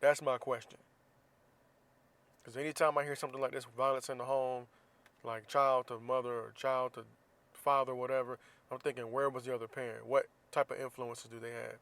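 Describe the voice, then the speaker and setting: A man's voice: medium pitch, level tone, normal speed, a bit bright. A man from Florida hosting a podcast, ranting bluntly and profanely in a casual opinion monologue. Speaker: podcast host.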